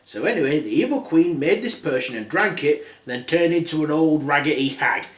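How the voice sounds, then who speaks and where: A man rambles through a crude comic fairy tale retelling. His pitch sits a little high and moves lively, and the room gives his voice a noticeable echo. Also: brisk. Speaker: storyteller host. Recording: roomy echo.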